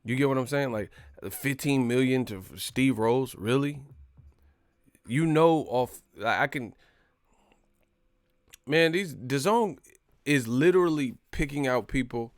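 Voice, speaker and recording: A man's voice: medium pitch, unhurried, pauses often, no echo, clean studio sound. A man hosting a live stream, ranting in casual, slangy, profane commentary. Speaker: boxing live stream host.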